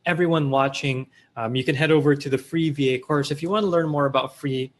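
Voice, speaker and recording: A man's voice: on the high side, steady tone, fairly quick. A man with a Filipino accent hosting a casual live-stream Q&A, reading viewer comments aloud in a loose, chatty way with fillers and restarts. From Philippines. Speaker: host of a live online Q&A.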